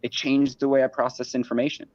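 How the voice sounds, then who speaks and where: A man's voice: mid-range voice, flat delivery, quick pace, darkish tone, no room sound, lo-fi sound. A man speaking as a guest in a casual livestream conversation, rambling and cursing with many restarts.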